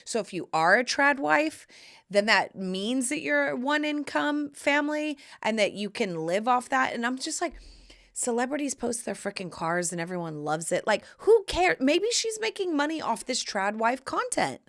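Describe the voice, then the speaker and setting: A woman's voice: on the high side, sing-song, moderate pace, creaky, a bit bright. A woman hosting a podcast, telling stories in a chatty, playful way with sassy asides. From United States. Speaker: podcast host. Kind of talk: casual chat to camera.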